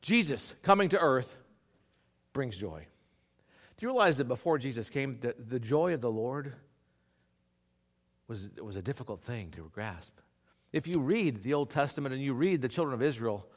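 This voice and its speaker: A man preaching a sermon to a congregation in a church, swinging between loud emphatic lines and quiet asides. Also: mid-range voice, normal speed, pauses often. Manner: animated preaching with sudden loud and soft swings. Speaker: pastor.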